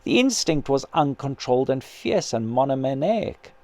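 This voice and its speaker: A calm, kindly male spirit, read by a man, speaking in an earnest, patient voice that still rises and falls a lot. Close and dry. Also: mid-range voice, normal speed, dry recording, close to an everyday voice. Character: patient gentle male spirit, her brother.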